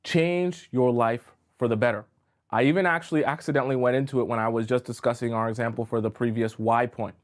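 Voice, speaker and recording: A man working as a dating coach gives advice in a live-streamed lesson, speaking at a brisk pace with medium pitch and fairly even intonation. He talks straight to his chat and repeats himself as he works through his points while drawing.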